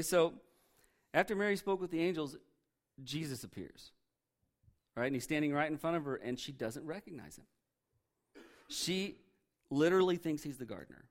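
A pastor preaching a sermon in a conversational way, with joking asides. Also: male voice, mid-range voice.

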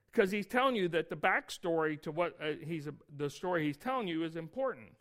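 A man delivers a sermon in a talkative, teaching manner, often stopping to check that his listeners follow along. His voice sits a little high for a man. When he reads scripture he slows down and leans on the words. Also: a bit bright. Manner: conversational Bible teaching with asides and rhetorical questions; reads scripture aloud with emphasis. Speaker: pastor.

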